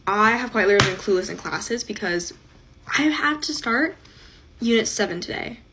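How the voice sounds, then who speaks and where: A woman's voice: medium pitch, animated, normal speed, background noise. A young woman student, exasperated, complaining about her classes. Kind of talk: casual vlog rant.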